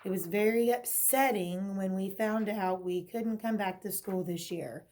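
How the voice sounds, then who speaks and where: A woman's voice: medium pitch, a little slow, darkish tone, a little hiss or hum. A woman teacher giving a recorded phonics lesson. She talks patiently, checks in with a frequent "okay?", and asks questions that she then answers herself. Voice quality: clears her throat now and then.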